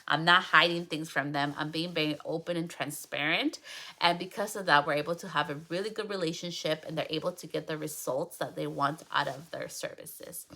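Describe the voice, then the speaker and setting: Bright-voiced chatty woman podcaster. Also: low-pitched, fairly even intonation, fairly quick. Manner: chatty, acts out client dialogue in story. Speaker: podcast host and hairstylist. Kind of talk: casual solo podcast talk.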